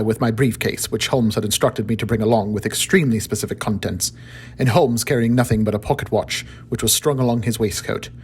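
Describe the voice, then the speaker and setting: A man calmly narrating a fictional story in a measured storytelling manner. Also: mid-range voice, a little hiss or hum.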